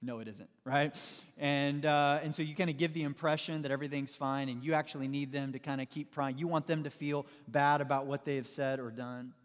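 A man delivers a sermon in a large church hall, his voice a touch higher than most men's and trailing off into a long reverb. He tells stories with animation and tosses playful asides to the congregation. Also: fairly even intonation, fairly quick, hardly any pauses. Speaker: pastor.

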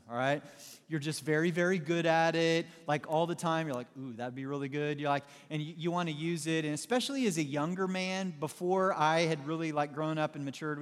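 Animated man preaching in a reverberant hall. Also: on the high side. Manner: animated storytelling, playful asides to the congregation. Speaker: pastor. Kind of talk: sermon.

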